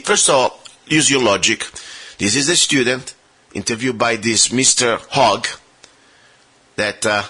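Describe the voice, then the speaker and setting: A man's voice: mid-range voice, pushed and bright, breathy edge. A man hosting a radio show, delivering an argumentative monologue straight to his listeners with lots of rhetorical questions.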